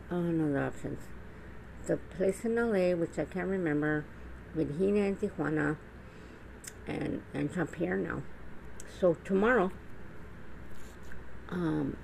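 A woman's voice: lowish voice, measured pace, vocal fry, long pauses, darkish tone, slight background noise, rough recording. A middle-aged woman talking straight to camera in a blunt, profane, rambling monologue full of restarts. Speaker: vlogger. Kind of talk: casual monologue.

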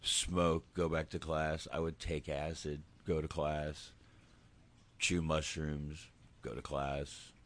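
A man's voice: very deep voice, flat delivery, takes it slowly, a bit bright. A man in his thirties in casual chat, a laid-back, rambling and profane storyteller.

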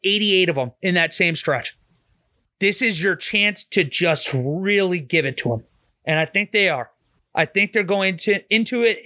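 His voice on the high side with a sharp tone, a Pittsburgh man with a local accent hosts a casual sports betting podcast. He gives blunt, opinionated football picks, swearing as freely as he likes.

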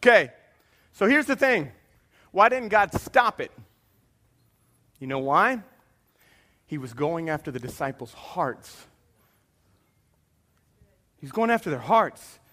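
Guy preaching, high voice, gets loud then goes real quiet. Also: slow, pauses often. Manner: animated preaching, drops to a quiet hush for confessions. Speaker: pastor. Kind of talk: sermon.

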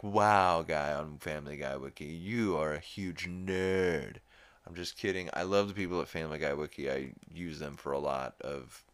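A man's voice: low-pitched, a bit bright, smooth. A man hosting a podcast, recapping a cartoon episode in a rambling, profane, laid-back way. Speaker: podcast host.

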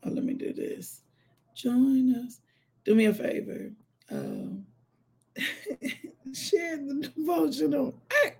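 Chatty woman host, gravelly husky voice, swings up and down a lot, laughs easy. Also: high voice, slow pace, long pauses. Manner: lively, laughing, chatty with live viewers. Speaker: host of a morning devotional show. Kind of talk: casual chat.

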